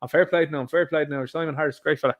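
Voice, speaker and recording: An eager, chummy Irish lad who gushes over everything, as a vlogger mocks him. The voice sits fairly high for a man and tumbles along with mock delight. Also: steady tone, racing, natural voice. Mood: gushing. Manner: gushing, chummy.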